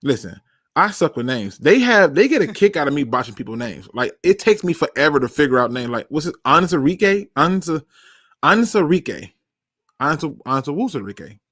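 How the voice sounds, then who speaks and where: A man hosting a casual sports talk livestream, animated and self-deprecating, with a loose slangy delivery. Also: mid-range voice, a little fast, no room sound, studio quality. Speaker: podcast host.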